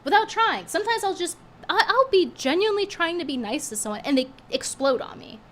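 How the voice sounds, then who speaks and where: A woman streams casual commentary, sarcastic and lively, her voice roughening a little as she flares up indignantly. It is very high-pitched, very animated and a bit bright, delivered fairly quickly over slight background noise.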